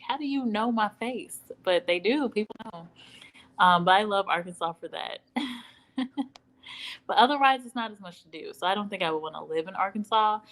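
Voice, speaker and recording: A woman's voice: mid-range voice, poor audio. Chatty woman hosting a casual livestream. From Midwestern United States. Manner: chatty, animated, laughing, acting out quoted dialogue. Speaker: livestream host answering viewer comments. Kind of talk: casual live-stream chit-chat. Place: at home in Dallas.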